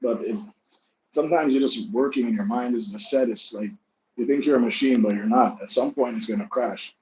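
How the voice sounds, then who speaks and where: Easygoing male co-host telling stories, gets loud and animated in reenactments, slightly dull recording with faint hiss. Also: mid-range voice, fairly quick. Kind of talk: casual storytelling chat. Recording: slightly dull sound with faint background noise.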